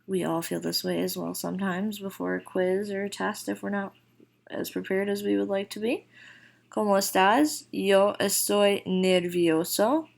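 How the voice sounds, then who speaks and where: A woman teaching a recorded Spanish vocabulary lesson, casually explaining and then slowly modeling each phrase. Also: medium pitch, little pitch movement, creaky. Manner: slow, deliberate model phrases with casual fillers.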